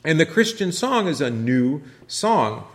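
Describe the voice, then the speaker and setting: A man's voice: on the high side, big pitch swings, a little slow. A man, a pastor, teaching a Bible study class in a conversational way and asking the group questions. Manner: conversational, asks questions, many restarts.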